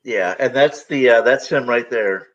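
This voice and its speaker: A man's voice: mid-range voice, unhurried, lo-fi sound. A man guesting on a casual stream, telling a nostalgic story in an easygoing way. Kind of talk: casual chat.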